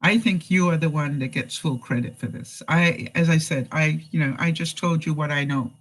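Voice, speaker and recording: A woman's voice: deep voice, normal speed, poor audio. Middle-aged lady vlogger chatting live, laughs a lot, acts out what people said. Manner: chatty storyteller, laughs often, acts out quoted lines. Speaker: vlogger giving life advice. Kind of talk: live-stream chat, reading viewer comments.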